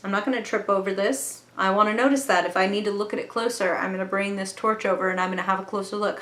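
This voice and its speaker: A woman at a mid-range pitch talks her way through a tarot reading in a chatty, earnest tone and swears casually now and then. Her voice rings around an echoey room. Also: fairly even intonation, quick pace, few pauses, fairly bright tone. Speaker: tarot reader.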